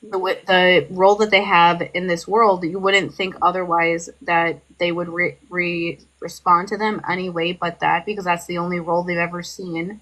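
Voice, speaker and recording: A woman co-hosting a casual podcast, her voice sharp and bright. She tells a story in loose, run-on sentences packed with "like," getting worked up as she goes. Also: on the low side, moderate pace, hardly any pauses, rough recording. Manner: heavy "like" fillers, animated and heated storytelling. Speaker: podcast co-host. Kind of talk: casual chat.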